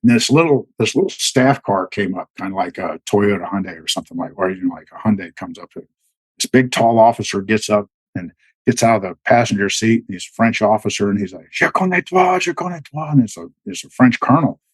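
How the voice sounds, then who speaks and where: A man's voice: lowish voice, a little fast, slightly rough, no room sound, rough recording. A middle-aged man, a military veteran, telling stories as a podcast guest in a rambling way, full of restarts and fillers. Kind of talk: casual storytelling.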